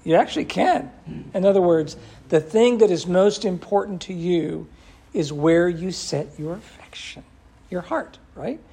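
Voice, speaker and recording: A man leads a Bible study in a gravelly, husky voice. He quotes scripture with animation and keeps turning to his class with questions. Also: high-pitched, a little slow, dark tone. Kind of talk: interactive Bible study teaching.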